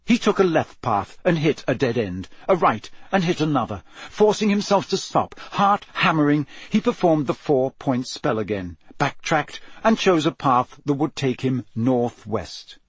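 A man's voice: on the high side, animated, unhurried, hardly any pauses, slightly rough, dry recording. A man reading an audiobook aloud, with tense, dramatic storytelling. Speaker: narrator.

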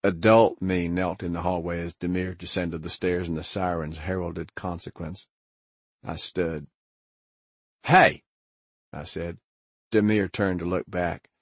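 Deep, husky hard-boiled narrator. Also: male voice, little pitch movement, darkish tone, no room sound. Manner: grim, hard-boiled, measured. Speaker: audiobook narrator. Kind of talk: first-person scripted narration.

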